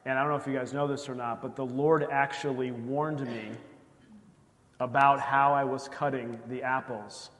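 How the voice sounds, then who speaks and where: A man's voice: medium pitch, steady tone, moderate pace, fairly bright tone, long reverb tail. A male pastor preaching a sermon in a conversational way, often acting out quoted voices. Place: church sanctuary.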